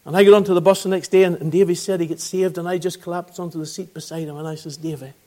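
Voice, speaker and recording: A man's voice: high-pitched, steady tone, racing, warm tone. A man in his sixties with a Northern Irish accent, preaching a gospel sermon and telling his own testimony with earnest, fervent appeals.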